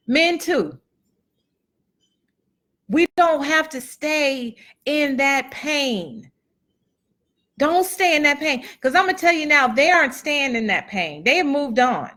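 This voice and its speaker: In a high, fairly bright voice, this middle-aged event host and motivational speaker talks earnestly and chattily to a live crowd. She reads out comments from viewers and leans on repeated phrases for emphasis.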